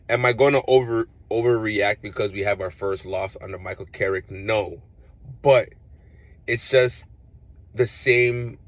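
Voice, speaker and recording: A man's voice: fairly low pitch, low-quality recording. A man talking as a football fan in a casual reaction vlog, frustrated and ranting, often repeating himself.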